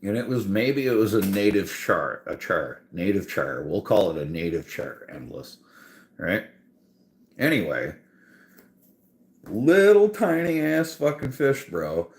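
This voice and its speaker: A man with a lowish voice rants in a slow, drawn-out way, cursing freely as he vents. His pitch swings widely, and he laughs often through the telling. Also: animated. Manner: profane, exasperated storytelling. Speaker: podcast host. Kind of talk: casual podcast rant.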